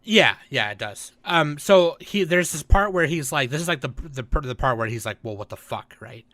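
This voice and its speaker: A man co-hosting a podcast, telling the story in an animated, swearing way and acting out the quotes. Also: a little high, normal speed, dry recording. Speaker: podcast co-host. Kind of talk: casual chat.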